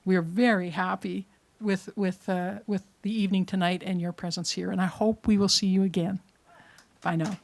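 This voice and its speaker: A woman's voice: medium pitch, fairly even intonation, moderate pace, creaky, slight background noise. Folksy woman host closing a live show. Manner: folksy, chatty, gracious. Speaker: event host. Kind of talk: closing remarks and thanks. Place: small performance space.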